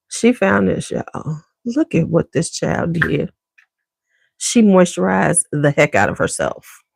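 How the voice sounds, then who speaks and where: Gravelly middle-aged woman telling a home story. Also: on the low side, darkish tone, no echo. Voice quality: gravelly, chatty and conversational. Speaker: vlogger. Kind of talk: casual storytelling to viewers. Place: home basement.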